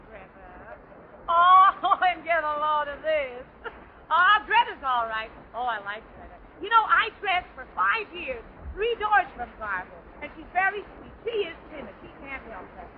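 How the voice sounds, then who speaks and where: Super high-pitched wisecracking woman comic, old 1930s radio show, muffled, little hiss. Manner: brassy wisecracking, quick asides and laughs. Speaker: comedian guest. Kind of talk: 1930s radio comedy monologue. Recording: dull 1930s radio broadcast recording.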